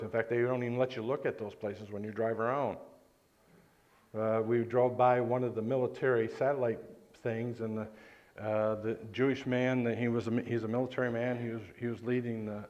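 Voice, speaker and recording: A man's voice: mid-range voice, a little mellow, highs cut off. A man preaching a sermon in a church, talking conversationally and asking the congregation questions.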